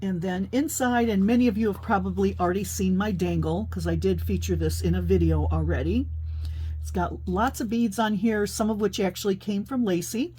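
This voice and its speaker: A woman's voice: mid-range voice, moderate pace, mellow, a little hiss or hum. Chatty woman showing off her crafts. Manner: chatty, thinks aloud with many fillers. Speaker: paper crafting host. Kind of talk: casual craft show-and-tell.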